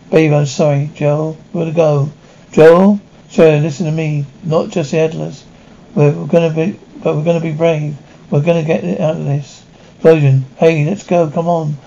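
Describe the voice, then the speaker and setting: A man reading dialogue and sound cues of a TV episode aloud in an even, unhurried way, on a slightly muffled lo-fi recording. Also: fairly high pitch, creaky, a little hiss or hum. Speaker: narrator reading an audio description of a TV episode.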